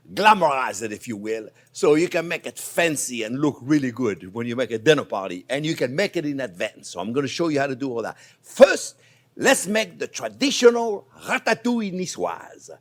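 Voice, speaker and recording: A man from Provence with a French accent, hosting a chatty, animated cooking demonstration in his kitchen and talking to viewers as friends. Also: fairly high pitch, moderate pace. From Provence, France. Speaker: cooking show host. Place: home kitchen in Florida.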